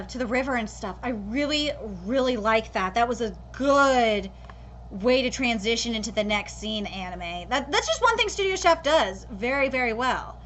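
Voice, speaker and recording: A woman's voice: on the high side, pushed and bright, slight background noise. A young woman giving an emotional live reaction to an anime episode, gushing and full of fillers and restarts.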